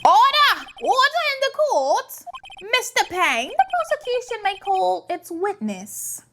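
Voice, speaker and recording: A stern old male judge, acted by a woman, booming and formal as he keeps order. The voice rises high and swings widely in pitch. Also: wildly swooping pitch, unhurried, background noise, exaggerated voice.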